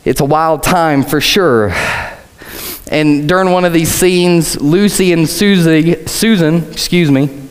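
Male preacher, earnest sermon with light casual asides; slightly high voice, long church reverb. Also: slow pace, smooth.

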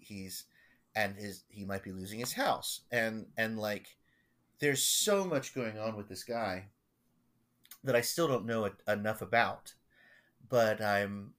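A man, a pastor, telling stories in a casual podcast chat, halting and rambling with many restarts. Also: fairly low pitch, a bit bright.

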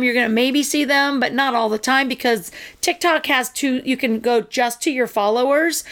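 Middle-aged woman, podcast co-host, slightly high voice, chatty and animated, casual talk. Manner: chatty, animated, quick asides and playful impressions. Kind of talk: casual chat.

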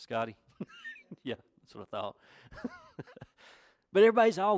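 A man's voice: on the high side, animated, fast talker, pauses often, no echo. A man pastor from North Carolina with a Southern accent, preaching a sermon in a folksy, conversational way that rises to emphatic questions. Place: church.

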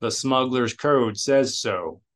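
A man's voice: medium pitch, slow pace, a bit bright. A man reading aloud, voicing a wry, impatient male starship captain with a dry, bargaining way of talking.

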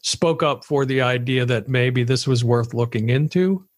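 A man co-hosting a podcast, giving calm, wry political commentary in casual chat. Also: medium pitch, moderate pace, no room sound. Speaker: podcast co-host.

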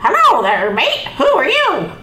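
Fred, someone doing a booming hearty rooster. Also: measured pace, slight background noise, heavily acted. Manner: gruff, booming and lively. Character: older rooster named Fred, hearty and confident. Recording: echoey room.

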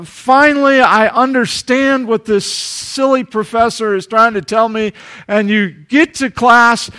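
A man with a Southern US accent preaching a sermon as pastor, swinging from loud emphatic rises to quiet asides. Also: very high-pitched.

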